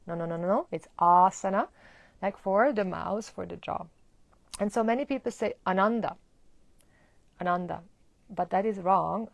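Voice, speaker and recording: Woman, chanting teacher, gravelly voice, slow drawn-out chanting, dry close sound. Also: mid-range voice, darkish tone, no room sound. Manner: explains pronunciation, then chants words slowly. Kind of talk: live online mantra lesson.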